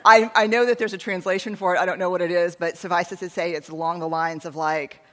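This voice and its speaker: A woman's voice: on the low side, fairly even intonation, quick pace. A woman in her forties with a Texan accent, telling a self-deprecating story in a conversational keynote talk and acting out bits of dialogue. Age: 40s. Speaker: researcher and speaker. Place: large hall on stage. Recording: reverberant hall.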